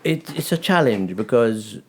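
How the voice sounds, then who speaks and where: A man's voice: medium pitch, animated, measured pace, breathy edge. A middle-aged man, a photographer guest, chatting in an interview; he thinks aloud, restarts words and acts out quoted speech. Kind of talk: casual interview chat.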